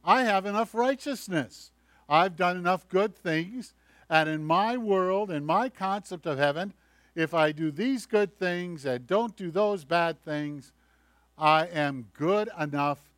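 A man's voice: high voice, lively intonation, slow pace, fairly bright tone, no room sound, exaggerated voice. A preacher putting on a smug self-righteous man. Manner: proud, self-satisfied.

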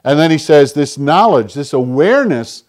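An older man preaching a sermon, earnest, often dropping to a hushed voice when voicing prayer. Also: on the high side, big pitch swings, normal speed. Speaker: pastor.

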